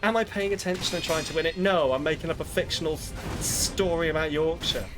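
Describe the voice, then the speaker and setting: A man's voice: on the high side, steady tone, a little fast, music in the background. A British man chatting casually with viewers as he plays, making jokes, rambling and mocking himself. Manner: joking, rambling, self-mocking. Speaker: streamer. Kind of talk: casual gameplay chat with viewers.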